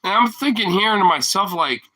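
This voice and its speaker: A man's voice: sits high, lively intonation, normal speed, bright, forceful tone, a little hiss or hum, low-quality recording. A man ranting casually as a vlogger, rambling and profane, often laughing at his own points. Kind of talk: casual rant to camera.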